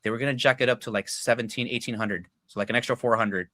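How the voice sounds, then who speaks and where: Bright, dry-voiced young man telling stories. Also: medium pitch, fairly even intonation, quick pace, no room sound. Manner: loose and profane, heavy filler words, acts out quoted dialogue. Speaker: podcast guest. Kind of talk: casual storytelling chat.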